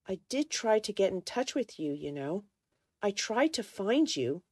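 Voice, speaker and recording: A woman voicing a troubled, resentful grown man in a halting, strained way while reading a novel aloud. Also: mid-range voice, big pitch swings, a little mellow, breathy edge, no room sound, pitched above the performer's own voice. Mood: pleading.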